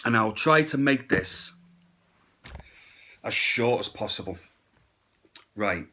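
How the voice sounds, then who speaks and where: A man's voice: lowish voice, animated, slow pace, bright, forceful tone. A man giving a casual, blunt and crude horror movie review, with sarcastic asides.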